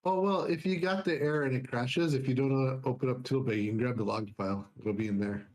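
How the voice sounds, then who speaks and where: A man's voice: medium pitch, quick pace, a little mellow. A man chatting on a stream with friends in a laid-back way, chuckling and giving helpful tips. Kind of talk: casual chat.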